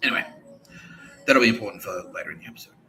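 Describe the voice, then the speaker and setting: Aussie guy ranting on his podcast, lots of swearing, lowish voice, music behind. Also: lively intonation, very fast, bright, forceful tone, rough recording. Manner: profane, rambling, with many fillers and restarts. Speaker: podcast host. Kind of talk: comedic rant.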